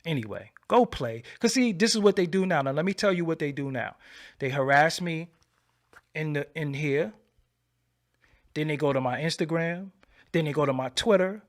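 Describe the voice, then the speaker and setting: A man hosting his own channel, delivering a defiant, boastful solo rant that swings between a low murmur and loud outbursts. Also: animated, moderate pace. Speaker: channel host. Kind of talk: late-night solo rant to camera.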